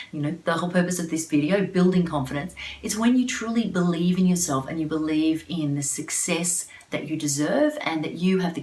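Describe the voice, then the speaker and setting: A woman's voice: low-pitched, darkish tone, roomy sound, recorded from a distance. A woman giving a motivational talk to camera as a confidence coach, upbeat and encouraging, with frequent fillers and restarts.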